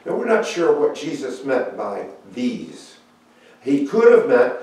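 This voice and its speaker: A man's voice: medium pitch, sing-song, a little mellow. Echoey, distant man teaching a Bible lesson. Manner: unhurried, reflective storytelling with pauses. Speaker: Sunday school teacher. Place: church room. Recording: very echoey room, mic far off.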